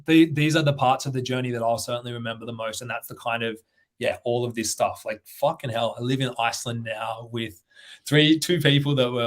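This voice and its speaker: Fast-talking Australian man, casual and profane. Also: mid-range voice. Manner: fast-talking, swears a lot. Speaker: guest, CrossFit athlete. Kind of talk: casual podcast interview.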